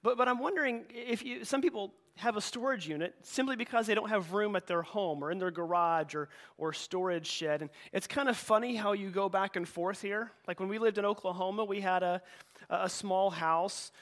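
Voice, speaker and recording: High-voiced man preaching a casual sermon. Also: normal speed, fairly bright tone. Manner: conversational, with frequent repeated words and restarts. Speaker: pastor. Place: church sanctuary.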